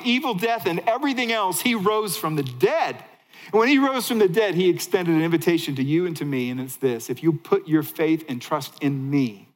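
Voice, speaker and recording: Male pastor, sermon delivery, animated with hushed drops, slightly high voice, long hall reverb. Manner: animated preaching, shifting between excited highs and hushed lows.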